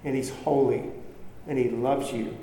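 A man in the middle of his pitch range preaches an earnest, conversational sermon. His voice is mellow and warm. It rings with long reverb through a big, echoey room, with faint ambience behind him. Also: fairly even intonation, a little slow, slight background noise.

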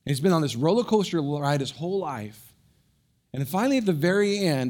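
Here a male pastor narrates a story in his sermon with animated energy. To emphasize a point, he drops soft and low, and his delivery has quick stumbles and restarts.

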